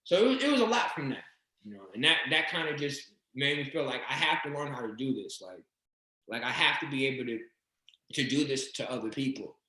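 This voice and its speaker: Brief: man, interview guest, loose profane storyteller, bright and forceful tone, roomy echo. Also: mid-range voice, brisk. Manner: swearing, animated, laughing storyteller. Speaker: interview guest, regression practitioner. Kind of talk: casual storytelling chat.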